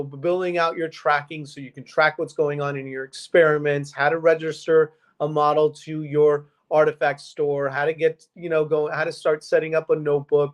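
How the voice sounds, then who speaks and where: A man with a somewhat high voice speaks eagerly as a co-host. He rattles off lists of features, one after another. The delivery is casual and keen. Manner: eager, rapid list-making. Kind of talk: casual tech recommendation.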